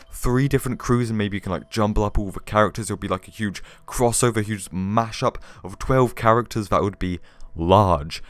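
A man's voice: fairly low pitch, no room sound. Rambling young man, ill-sounding voice. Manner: excitable, rambling, swears casually. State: ill, voice worn. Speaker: gaming video host. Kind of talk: casual gaming theory vlog.

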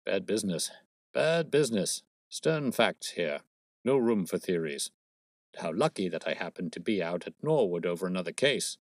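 A man voicing a stout, blustering police detective with a husky, wheezing voice and a pompous manner, read as a storybook. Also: low voice, lively intonation, moderate pace, no room sound, studio quality. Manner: pompous, brash, self-satisfied. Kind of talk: storybook reading.

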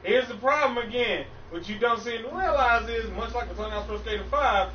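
A man's voice: very high voice, brisk. A man streaming a game, ranting in frustration with heavy cursing. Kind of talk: ranting gameplay stream chat. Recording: echoey, distant, muffled stream audio with faint noise.

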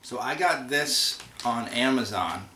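A man co-hosting a casual taste-test chat, relaxed and thinking aloud as he compares flavors. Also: medium pitch, slow. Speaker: co-host. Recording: roomy room, mic a bit far, faint noise.

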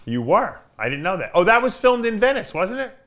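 Man with a lively, up-and-down voice. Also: high-pitched. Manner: chuckling, quick to agree, asks follow-up questions. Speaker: co-host. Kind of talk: casual chat.

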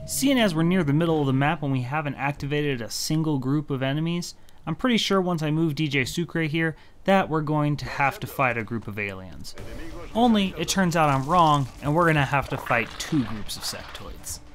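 A man's voice: fairly high pitch, expressive, normal speed, soft background music. A man from the United States giving wry, self-mocking commentary over his strategy game playthrough on a studio microphone. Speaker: let's play host. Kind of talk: gameplay commentary. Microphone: new studio microphone.

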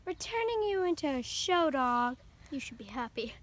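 A woman's voice: high-pitched, sing-song, moderate pace, dry recording. A woman vlogging casually outdoors while washing her dog, chatting to viewers with rambling asides. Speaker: pet vlogger. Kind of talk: casual vlog talk to camera.

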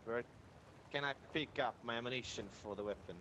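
A man's voice: mid-range voice, fairly quick, heavy background noise. A man playing as a crewmate in an online game, joking and cursing in playful pirate talk. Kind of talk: casual gaming chat. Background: loud game music.

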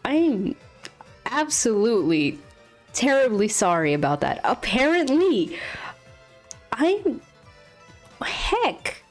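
A young woman chats with her stream while drawing, slightly high-pitched and slow-paced. She sounds flustered and keeps apologizing with little laughs. Faint music plays underneath. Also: very animated. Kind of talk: live stream chat.

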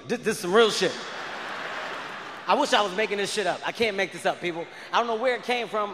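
A man doing a stand-up comedy routine on stage, animated and shouting his punchlines as he acts out scenes. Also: high voice, brisk, long pauses. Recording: live arena recording with long reverb and faint noise.

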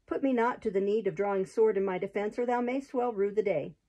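A woman's voice: mid-range voice, a little fast, dark tone, highs cut off, natural voice. A woman reading aloud, voicing a bold young noblewoman disguised as a page in a storybook. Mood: defiant.

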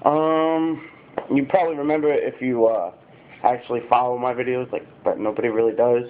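A man's voice: medium pitch, fairly even intonation, fairly quick, slight background noise. A fifteen-year-old boy chatting casually to camera, rambling with lots of fillers and swearing. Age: teenager, fifteen. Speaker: YouTuber. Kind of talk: casual vlog talk to camera. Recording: tinny phone-like sound.

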